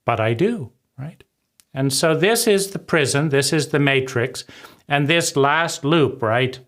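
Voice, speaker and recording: A man's voice: fairly high pitch, animated, unhurried, a bit bright. Intense man musing on fear, repeating "right?". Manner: occasional swearing. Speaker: video essayist. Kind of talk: personal reflective monologue.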